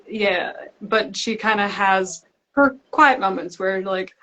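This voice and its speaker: A woman's voice: mid-range voice, slow, a bit bright. A young woman, an author, chatting casually and laughing often on a live video chat. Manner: giggly, chatty. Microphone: video call. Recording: lo-fi livestream audio.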